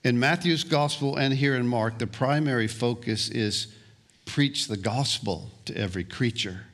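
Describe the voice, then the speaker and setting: A male pastor preaching a sermon, slow and deliberate, often restarting and repeating words. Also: medium pitch, a bit bright.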